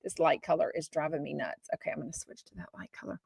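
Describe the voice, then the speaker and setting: A woman's voice: low-pitched, fast talker, gravelly, darkish tone, slightly rough, no echo. A woman from Texas, hosting a podcast in a blunt, chatty, opinionated way with casual swearing. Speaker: podcast host. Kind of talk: casual gossip commentary.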